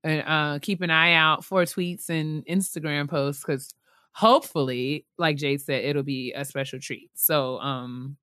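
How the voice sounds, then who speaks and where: A young woman with a low-pitched voice co-hosts a podcast in relaxed, chatty conversation. She circles back over her points with plenty of fillers. The sound is dry and close. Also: measured pace, clean tone, dry recording. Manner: chatty, repeats herself, frequent fillers and laughs. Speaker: podcast co-host. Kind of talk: casual podcast chat.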